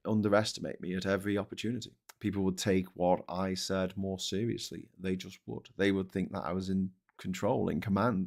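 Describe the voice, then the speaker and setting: A man's voice: deep voice, a bit bright. Blunt, sweary man with a Scouse accent. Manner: blunt and sweary, talks back to viewer comments. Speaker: host. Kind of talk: casual live-stream chat reading comments.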